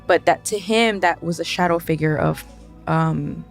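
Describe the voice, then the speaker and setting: A young woman, a podcast guest, telling a personal scary story in a casual, animated way, often laughing and acting out what people said. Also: lowish voice, moderate pace, faint music behind.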